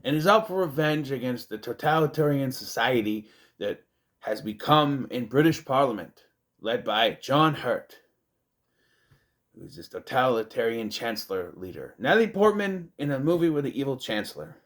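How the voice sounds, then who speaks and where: A man talks through a movie review in a loose, rambling way. His pitch swings up and down a lot, and he keeps breaking off into self-deprecating asides. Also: big pitch swings, moderate pace. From United States.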